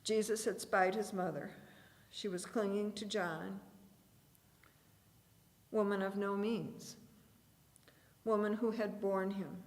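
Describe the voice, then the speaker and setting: A woman reading a dramatic scripted narration aloud in a church, with deliberate storytelling. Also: mid-range voice. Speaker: reader. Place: church sanctuary. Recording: reverberant church hall.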